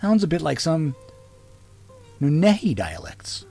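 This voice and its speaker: A man's voice: fairly high pitch, wildly swooping pitch, measured pace, vocal fry, mellow, breathy edge, soft background music, voice pushed up, heavily acted. Man as a big scarred elf brother. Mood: patient. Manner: patient, tutoring, teasing. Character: big scarred male elf, warm teasing older brother.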